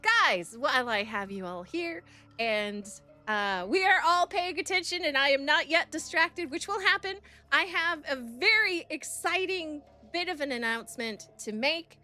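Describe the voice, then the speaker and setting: Nervous and excited, a young woman welcomes people in her chat with a bubbly, high and bright voice that swoops in pitch. She takes an unhurried pace while soft music plays in the background of her stream.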